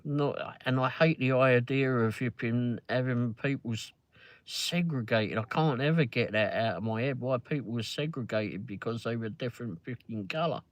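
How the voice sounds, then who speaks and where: A man's voice: medium pitch, moderate pace, no room sound. A man with a London accent chatting casually from a car during a live ride-along, rambling with lots of fillers and swearing freely. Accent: London English. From England. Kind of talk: casual chat.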